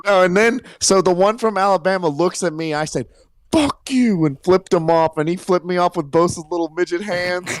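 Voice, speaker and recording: A man's voice: high-pitched, fairly even intonation, fairly quick, few pauses, clean tone, no echo, clean studio sound. Rambling young man telling a story. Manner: rambling, laughs at own story. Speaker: guest. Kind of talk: casual storytelling.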